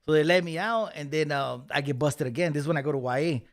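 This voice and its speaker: Gravelly man storytelling. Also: on the high side, fast talker. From Los Angeles County. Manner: slangy, swearing, animated when acting out quotes. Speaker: podcast guest. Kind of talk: casual storytelling.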